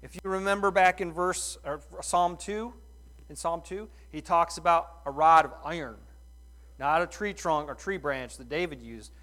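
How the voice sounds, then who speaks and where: A middle-aged man preaching a sermon in a folksy, animated way, full of rhetorical questions. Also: fairly high pitch, normal speed. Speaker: pastor.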